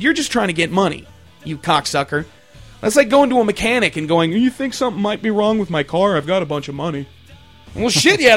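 A man's voice: high-pitched, fairly bright tone. A man hosting a comedy show, ranting in a crude, rambling way and swearing constantly. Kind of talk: profane comedic rant.

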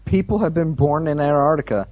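A man co-hosting a casual podcast chat over a call, jokey and quick to blurt out asides. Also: on the high side, a little mellow, dull audio, a little hiss or hum. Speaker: podcast co-host.

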